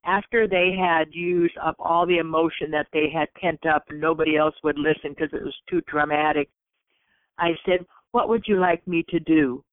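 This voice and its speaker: A woman's voice: low voice, fairly even intonation, moderate pace, no room sound. A woman recounts her story in an earnest, storytelling way, slipping into the voices of the people she quotes. She is heard over a tinny phone line with a dry, close sound. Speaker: guest. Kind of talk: storytelling in conversation.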